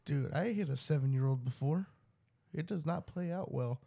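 A young man in casual chat, swearing and laughing, playing along with deadpan denials. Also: on the high side, normal speed, creaky.

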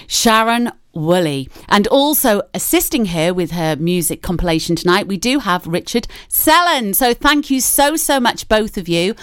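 A woman's voice: medium pitch, animated, moderate pace, few pauses, a bit bright, clean tone, no room sound. A woman hosting a live radio chat show in a studio, talking in a bubbly, effusive, jokey way.

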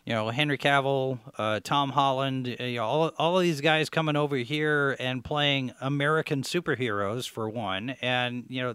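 A man hosts a podcast interview. His voice is bright, and it sounds close and dry with no room echo. He asks long questions that wander a little before they land. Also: mid-range voice, clear, resonant tone. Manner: rambling, thoughtful questions. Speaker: podcast host.

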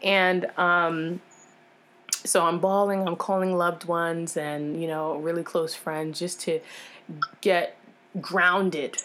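A woman's voice: fairly low pitch, takes it slowly, slight background noise. A woman guest in an interview, frankly and emotionally retelling a personal experience in casual talk, full of fillers and restarts. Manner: animated, acts out others' lines in changed voices.

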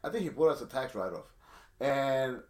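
A man's voice: medium pitch, animated, moderate pace. A middle-aged man telling a long story in casual chat, rambling with many restarts. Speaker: storyteller guest.

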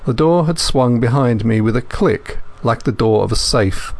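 A man reading a first-person thriller as an audiobook narrator, in a measured, steady manner. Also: mid-range voice, creaky.

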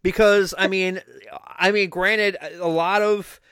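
A man hosting a podcast in casual chat, joking and sarcastic, with loud exclamations. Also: high voice, steady tone, slow pace, smooth, no room sound, studio quality. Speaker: podcast host.

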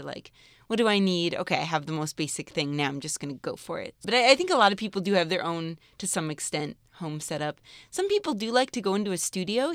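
A woman voice actor chatting in an interview, bubbly and animated, laughing often. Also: on the low side, dry recording, studio quality. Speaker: voice actor guest. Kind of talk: casual interview chat.

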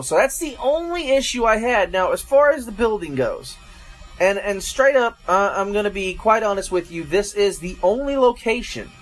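A man's voice: high voice, fairly bright tone. A man from Georgia, hosting a casual food review and chatting to viewers as folks and guys. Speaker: food reviewer, show host.

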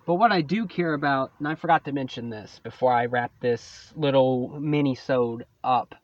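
A man's voice: mid-range voice, moderate pace, dry recording, muffled recording. A man hosting his own podcast, venting about a coworker in a profane, sarcastic solo rant. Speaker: podcast host.

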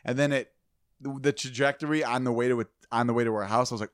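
A man's voice: medium pitch, fast talker, no echo, clean studio sound. Profane laughing storyteller man. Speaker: podcast co-host. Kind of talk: casual chat. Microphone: studio mic.

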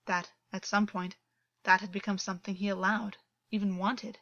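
A woman narrating a story as an audiobook reader, with a steady, even reading delivery. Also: mid-range voice, normal speed, no room sound, lo-fi sound. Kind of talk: scripted narration.

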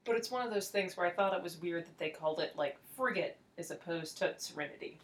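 A woman with a lowish voice chats casually as a podcast co-host. She trails off mid-thought and keeps circling back to the point she wanted to make. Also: quick pace. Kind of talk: casual chat.

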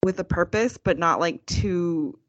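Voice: medium pitch, a little slow, no room sound, dull audio. A podcast co-host chatting casually about films, hesitant and full of fillers. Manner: hesitant, many fillers like "like" and "I don't know". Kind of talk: casual film review chat.

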